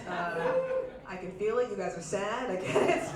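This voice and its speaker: A woman's voice: mid-range voice, normal speed, recorded from a distance, crowd noise. A woman performing a stand-up comedy set in a club, playful and acting out quotes in exaggerated voices, with audience laughter behind her. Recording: echoey club room miked from afar.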